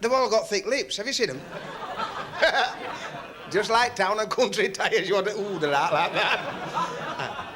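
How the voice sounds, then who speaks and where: A man works a club audience in a stand-up routine, chatty and teasing. His voice sits high and swings up and down. The old recording is thick with crowd laughter and background noise. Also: lively intonation, slow, pauses often. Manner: chatty, teasing the audience, broad dialect storytelling. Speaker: stand-up comedian.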